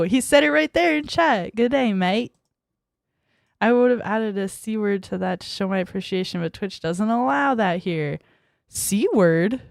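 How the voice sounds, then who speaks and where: A woman's voice: mid-range voice, gravelly, smooth, dry recording. Young woman vtuber chatting with chat, giggly and bratty, squeals a lot, dry close mic. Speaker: VTuber streamer. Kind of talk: casual livestream chat reading viewer messages.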